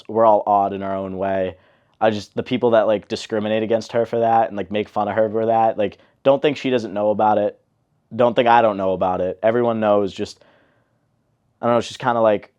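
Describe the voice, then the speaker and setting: A young man in an interview, telling a family story in a relaxed, chatty way with lots of fillers. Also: lowish voice, clear, resonant tone, lo-fi sound. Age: young adult. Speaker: interviewee, older brother.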